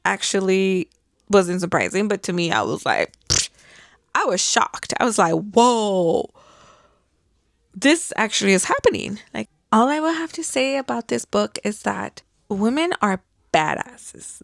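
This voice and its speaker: A woman book vlogger chats through her reading in a relaxed, eager way, leaning on fillers as she goes. Her voice is smooth and resonant with a gravelly fry at the edges. The sound is close and dry. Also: medium pitch, no room sound. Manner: chatty and enthusiastic, frequent "like" fillers and light laughs. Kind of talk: casual reading wrap-up chat.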